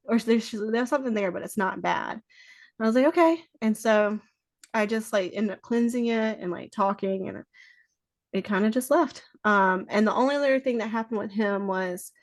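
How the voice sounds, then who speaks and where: A woman's voice: medium pitch, dry recording. Woman swearing through casual storytelling. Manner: swears freely, acts out quoted dialogue. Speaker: podcast guest.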